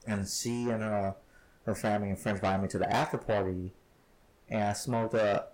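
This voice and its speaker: A man's voice: fairly low pitch, steady tone, moderate pace, darkish tone. Man, podcast host, rambling anecdotes, frequent laughter, casual chat. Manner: laughs often, rambling storytelling. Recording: poor sound quality.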